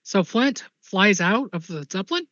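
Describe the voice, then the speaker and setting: A player in a tabletop game slowly and deliberately narrating a dramatic moment for their character. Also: mid-range voice, animated, sharp tone, no echo, lo-fi sound.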